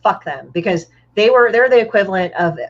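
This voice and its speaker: A woman's voice: mid-range voice, fairly quick, highs cut off. A woman guest telling stories in casual chat, blunt and profane, over a video call. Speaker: guest comic artist.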